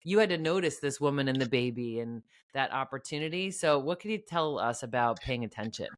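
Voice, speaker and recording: A woman's voice: a bass voice, lively intonation, brisk, dry recording, clean studio sound. A woman hosting an interview, affirming her guest and telling her own story. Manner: warmly affirming, shares her own anecdote. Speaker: podcast host. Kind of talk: interview conversation.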